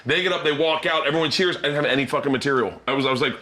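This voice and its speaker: A middle-aged man hosting a casual chat, telling animated stories and acting out the people in them. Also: mid-range voice, very fast, a little hiss or hum. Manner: animated anecdotes, acting out quoted people, laughing often. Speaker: host.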